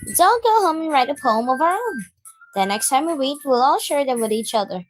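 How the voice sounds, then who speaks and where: A man voicing a confident, upbeat teenage club president in a visual novel game, speaking in a brisk, encouraging way. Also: very high-pitched, very animated, faint music behind, voice pushed up.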